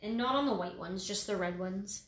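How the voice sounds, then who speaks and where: A woman's voice: medium pitch, normal speed. A woman giving a casual step-by-step painting tutorial, easygoing and full of little fillers. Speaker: painting instructor. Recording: roomy echo.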